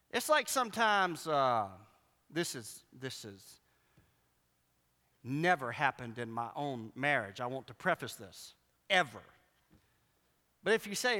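A man's voice: on the high side, very animated, normal speed, long pauses, pushed and bright. A man preaching a sermon, telling stories with animation and acting out the voices of the people he quotes. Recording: long hall reverb.

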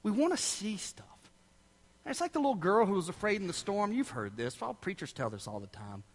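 A man's voice: sits high, big pitch swings, a little fast. A male preacher giving a sermon, telling stories animatedly and acting out quotes in different voices. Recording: echoey hall.

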